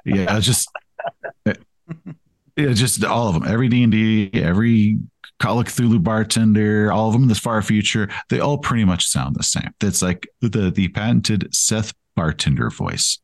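A man's voice: lowish voice, normal speed, no room sound. A man chatting as a podcast guest, rambling and self-deprecating, with frequent restarts. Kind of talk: casual interview chat.

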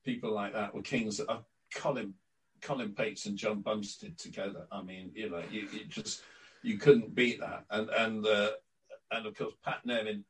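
An older man, a guest on an interview podcast, telling lively stories from his career and acting out quotes. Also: fairly low pitch, normal speed, far from the mic, rough recording. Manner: lively raconteur, acts out quotes. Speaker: interview guest, former club announcer. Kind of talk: anecdotal storytelling.

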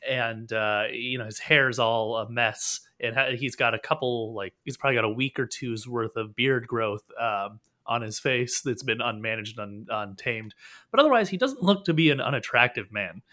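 A man narrating as game master of a tabletop game, describing scenes in a relaxed, loosely improvised way. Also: medium pitch, moderate pace.

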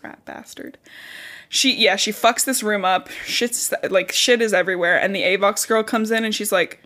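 A young woman talks through a book chapter in loose, casual podcast chat. Her voice sits in a middle pitch, and she fills her sentences with "like" and the occasional curse, acting out the characters' lines as she goes. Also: fairly even intonation, normal speed, sharp tone. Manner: chatty, frequent "like", swears casually, acts out characters' lines. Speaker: podcast co-host.

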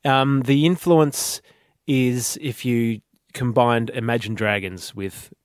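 A man's voice: medium pitch, fairly even intonation, takes it slowly, no room sound, studio quality. A man co-hosting a podcast, chatting about songs in a laid-back, joking way. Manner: laid-back, laughs often, blunt asides. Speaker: podcast co-host. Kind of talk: casual music chat.

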